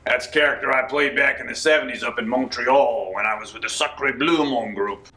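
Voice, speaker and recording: A man telling folksy tall tales in a deadpan comic interview. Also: mid-range voice, brisk. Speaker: comic storyteller.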